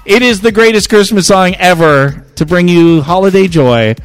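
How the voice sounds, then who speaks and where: A man's voice: high-pitched, normal speed, smooth, soft background music. A man co-hosting a podcast, ranting and swearing in casual chat. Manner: profane, ranting. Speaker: podcast co-host.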